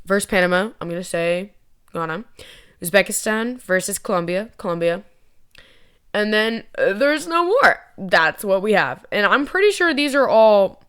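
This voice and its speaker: A woman's voice: medium pitch, fairly bright tone, smooth. A young woman chatting casually to camera as a vlogger, rambling, giggly and poking fun at herself. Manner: rambling, giggly, self-mocking.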